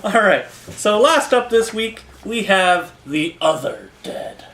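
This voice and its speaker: In a roomy, echoing recording, this man co-hosts a podcast reviewing comics in relaxed conversation. His high, fairly bright voice is animated yet slow, and he chuckles frequently in an easygoing way.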